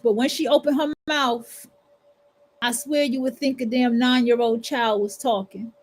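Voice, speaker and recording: Blunt, high-voiced New woman. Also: fairly even intonation, a little slow, darkish tone, faint music behind. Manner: blunt and profane, preaching to listeners. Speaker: livestream host. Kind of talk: casual monologue.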